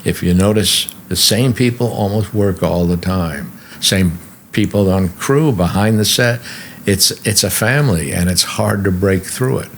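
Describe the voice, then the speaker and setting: A low, gravelly older man spins stories as a podcast guest, slipping into the voices of the people he quotes. A faint hiss sits under his voice. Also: measured pace. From New York. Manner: lively storyteller who acts out the people he quotes. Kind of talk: storytelling anecdotes. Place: podcast studio.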